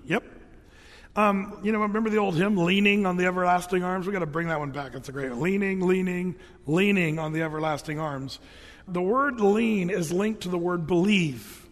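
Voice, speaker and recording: A man's voice: high voice, big-room sound. A man preaching a sermon, explaining scripture in a casual, joking way with playful asides. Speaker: pastor.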